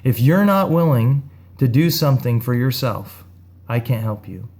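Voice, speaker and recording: Man playing a calm, firm motivational speaker, low-key delivery. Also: normal speed, slightly rough. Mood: patient. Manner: calm, patient advice.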